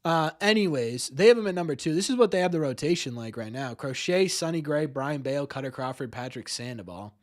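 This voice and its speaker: A man's voice: on the high side, lively intonation, fairly quick, few pauses. A man hosting a live-streamed sports talk show, rambling, repeating words and ending many lines with "right?". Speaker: podcast host.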